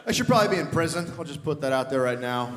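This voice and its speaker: A middle-aged man doing animated stand-up comedy, shouting his acted quotes. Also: fairly high pitch, rapid-fire. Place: large theater stage. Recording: reverberant theater hall. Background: audience laughter.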